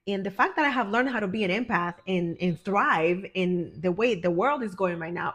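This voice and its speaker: Effusive motivational woman healer. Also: medium pitch. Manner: effusive, emphatic, calls the viewer honey and my friend. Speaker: healer and life coach. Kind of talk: motivational direct-to-camera talk.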